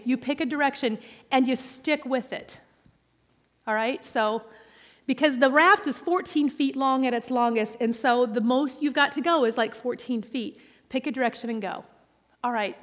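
High-voiced woman telling a lively story. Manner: animated and playful, jumps into quoted voices. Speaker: speaker telling a story to an audience. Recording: long hall reverb.

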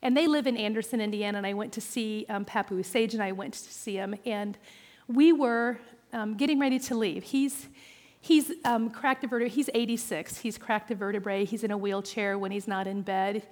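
A woman pastor preaching a sermon, personal and animated, with self-deprecating humor. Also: mid-range voice, moderate pace. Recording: reverberant hall.

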